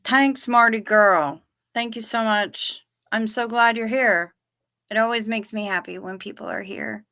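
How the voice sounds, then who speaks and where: A woman's voice: on the high side, unhurried, pushed and bright. A woman hosting a livestream from home, chatting casually with viewers in a rambling way and trailing off often, a little sleepy and yawning. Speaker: livestream host. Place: at home, in her chair.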